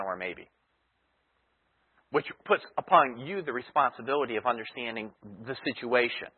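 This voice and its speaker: A husky, medium-pitched man delivers an expository sermon as a Bible teacher, leaning on rhetorical questions and repeated key phrases. The sound is thin and phone-like, with a long reverb like a hall.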